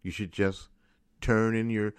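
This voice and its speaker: A man's voice: lowish voice, level tone, measured pace, smooth, no room sound. A man hosting a political commentary show, ranting in an angry, frustrated monologue with lots of repetition. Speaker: radio host.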